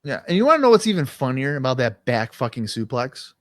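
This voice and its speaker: A man's voice: medium pitch, very animated, fast talker, fairly bright tone, no echo, clean studio sound. A man co-hosting a casual podcast, ranting and swearing often as he reviews a wrestling show. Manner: ranting, swears often, acts out quoted voices. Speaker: podcast co-host.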